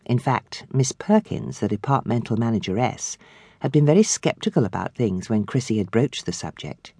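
A woman reading a novel aloud as an audiobook narrator, in measured storytelling, close to a studio mic. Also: rumbling low, animated, warm tone, breathy edge, no echo. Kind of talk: scripted narration.

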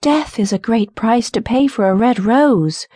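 Brief: woman voicing a small pleading nightingale, high and earnest, mellow tone, dry audiobook sound. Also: a little slow, no room sound. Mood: wistful. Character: small brave female nightingale, longing and pleading. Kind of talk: audiobook character reading.

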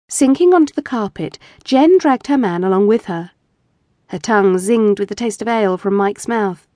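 Female audiobook narrator, mid-pitched, intimate and measured, dead-dry booth. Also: expressive, warm tone, no echo. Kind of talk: scripted narration of erotic fiction.

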